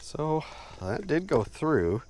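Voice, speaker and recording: A man casually narrating an outdoor knife test, relaxed and rambling with lots of fillers, outdoors in the woods. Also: fairly high pitch, slow pace, very noisy. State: a bit out of breath. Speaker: outdoor gear reviewer.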